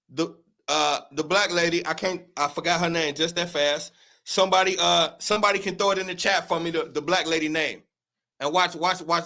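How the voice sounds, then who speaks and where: A man's voice: on the high side, bright, forceful tone. A man hosting a livestream commentary, talking in a heated, profane, emphatic way and often repeating his words. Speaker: show host.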